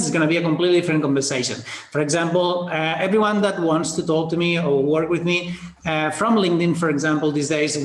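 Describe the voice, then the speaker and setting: A man presenting a business coaching webinar, talking fast and casually with fillers and the odd swear word. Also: high voice, echoey room. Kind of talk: energetic sales webinar talk.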